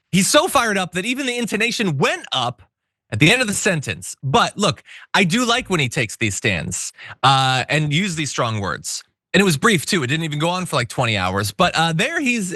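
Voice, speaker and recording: Male commentary host, wry and opinionated, lively pitch, dry studio sound. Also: no room sound. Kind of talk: casual news commentary.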